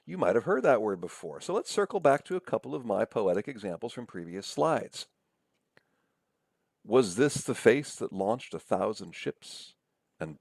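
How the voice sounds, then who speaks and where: A man's voice: fairly low pitch, gravelly, no echo, clean studio sound. A man lecturing over slides in a conversational way, often checking in with "right?" and "okay?".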